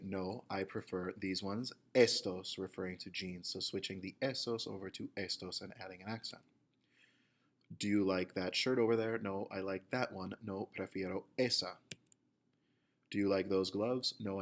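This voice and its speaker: A man teaching a recorded grammar lesson, explaining slowly and reading example phrases aloud one by one. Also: low voice, steady tone. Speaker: Spanish teacher.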